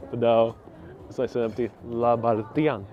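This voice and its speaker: A walking-tour livestreamer chats easily as he strolls an outdoor city street, reading viewer comments along the way. His medium-pitched voice stays level at a moderate pace, captured on a wireless clip-on mic in a muffled recording.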